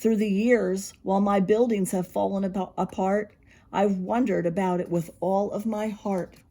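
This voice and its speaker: A preschool teacher reading a picture book aloud to young children, expressive and stopping to explain. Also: female voice, medium pitch, normal speed.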